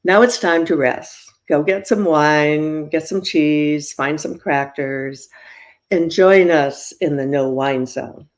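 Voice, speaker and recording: A woman's voice: deep voice, slow. An older woman hosts a podcast interview in a bubbly, chatty way. She laughs often between her questions and keeps the guest talking. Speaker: podcast host.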